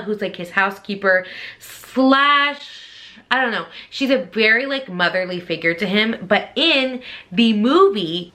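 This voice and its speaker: A woman book vlogger giving a casual, opinionated review, chatty and expressive with sudden jumps upward in pitch.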